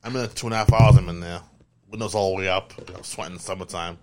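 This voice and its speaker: Rambling low-voiced young man. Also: steady tone, quick pace, a little mellow, a little hiss or hum. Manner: rambling, stammering, profane. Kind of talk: casual storytelling chat.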